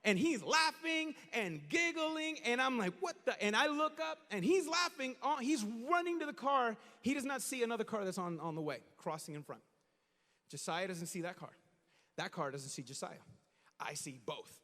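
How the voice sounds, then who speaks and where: A man preaching a sermon as pastor, talking casually to the congregation and telling stories with lively acted-out moments. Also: extremely high pitch, moderate pace, in a large hall. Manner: animated storytelling, acts out shouts and quotes.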